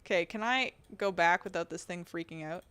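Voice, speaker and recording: A woman's voice: a little fast, a bit bright, clear, resonant tone, no room sound. Chatty woman streamer who laughs easily. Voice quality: fairly deep for a woman. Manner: chatty, laughs often, answers chat messages aloud. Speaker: game streamer and video editor. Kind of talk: casual live-stream chat with viewers.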